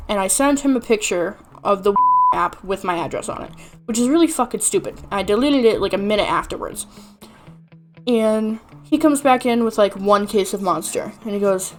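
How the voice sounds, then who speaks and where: A woman's voice: medium pitch, normal speed, soft background music. Exasperated swearing young woman streamer. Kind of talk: casual storytelling rant.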